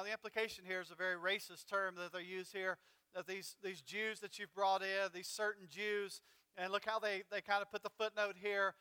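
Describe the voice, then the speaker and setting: Animated, bright-voiced preacher in a hall. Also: male voice, high voice, smooth. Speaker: pastor. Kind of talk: sermon. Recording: reverberant hall.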